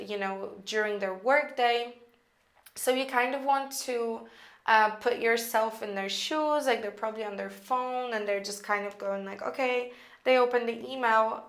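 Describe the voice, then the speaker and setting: A woman teaching copywriting in a casual, chatty way, thinking out loud with lots of fillers as she walks through an email draft. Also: on the high side, echoey room. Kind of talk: casual screen-recorded lesson.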